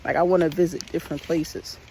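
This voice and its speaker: At a quick pace and fairly high pitch, a man rambles through a casual vlog while hiking a park trail. He's easygoing, repeats himself, says "like" often, and gets slightly winded on hills. Expect slight background noise and low recording quality.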